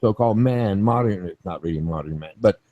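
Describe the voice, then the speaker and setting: A man's voice: on the low side, brisk, mellow, no room sound, highs cut off. A man explaining his view at length in a group chat, lecturing and repeating himself, checking in with "okay?" and "right?".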